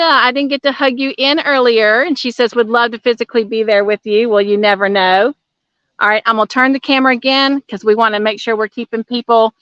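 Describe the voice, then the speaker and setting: A channel host chats casually and amiably with viewers during an outdoor livestream by a waterfall, a little out of breath and calling them "y'all." Her voice is a bit high, slightly bright, and smooth, with no room sound but dull audio.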